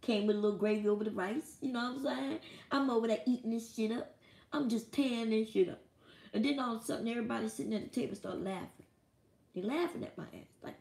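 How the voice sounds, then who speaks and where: Gravelly-voiced woman streaming from home, swearing and cracking up as she tells it, echoey room. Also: on the high side, brisk. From United States. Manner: profane, animated, laughs often. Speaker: live streamer. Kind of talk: casual storytelling monologue.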